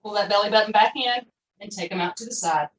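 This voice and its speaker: A woman runs a live online pilates class, calling out each move with chatty, upbeat encouragement and folksy phrasing. Her mid-range voice is quick and a bit bright. The recording has a little hiss or hum, and she sounds far off in an echoey room.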